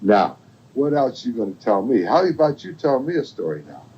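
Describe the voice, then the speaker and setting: Folksy older grandpa telling a bedtime tale. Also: male voice, medium pitch, sing-song, normal speed, slight background noise. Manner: folksy, rambling, gentle. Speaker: grandfather reading to a child. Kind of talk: bedtime storytelling. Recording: dull lo-fi home recording.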